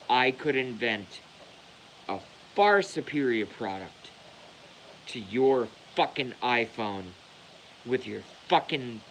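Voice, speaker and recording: A man's voice: mid-range voice, sharp tone, slight background noise, low-quality recording. A man delivering a heated, profane rant to the camera as a vlogger. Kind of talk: angry rant.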